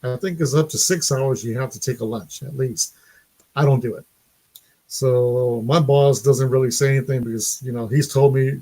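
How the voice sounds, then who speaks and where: A man's voice: mid-range voice, moderate pace, dark tone, slightly rough. Middle-aged man, live stream host, easygoing chatter with frequent laughs. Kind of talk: casual live stream chat.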